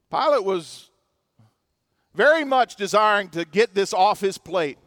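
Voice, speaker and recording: A male preacher with a very high voice delivers an impassioned sermon, dropping to a hush and then rising to loud emphasis. The sound is dry and close, with no room echo. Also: expressive, moderate pace. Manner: impassioned preaching with dramatic swings between loud and hushed. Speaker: pastor.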